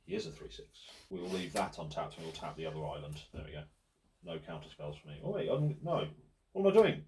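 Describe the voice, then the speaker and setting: Deep, lively man explaining card plays. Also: fast, a little hiss or hum. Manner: explains card rules aloud, playful. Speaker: host and player. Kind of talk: casual tabletop game play.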